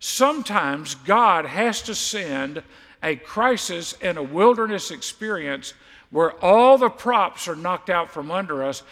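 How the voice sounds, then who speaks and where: A man's voice: high voice, expressive, slow pace, a bit bright, big-room sound. A man preaching a sermon as pastor, stressing and repeating key words for emphasis.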